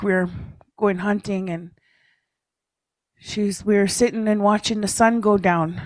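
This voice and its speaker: A woman's voice: medium pitch, dry recording. A woman telling personal stories at a leaders' meeting, chatty and self-mocking, tagging her lines with a questioning "eh?" and laughing often. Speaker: speaker at a leaders' caucus. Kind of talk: personal storytelling talk.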